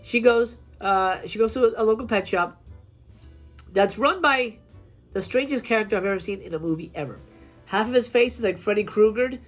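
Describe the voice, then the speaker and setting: A woman film reviewer tearing into a bad movie in a loose, profanity-laced rant. Her voice sits at an ordinary middle pitch, and she slips into quick put-on voices to act out scenes. Faint music plays behind her. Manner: animated, swears a lot, acts out scenes in quoted voices.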